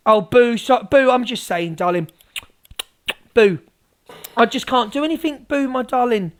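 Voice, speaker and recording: A combative woman ranting on her livestream, sarcastic and full of swearing. Her voice sits high for a woman and she jumps between cutting jabs and retorts. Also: normal speed, long pauses. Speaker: live streamer. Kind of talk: livestream rant.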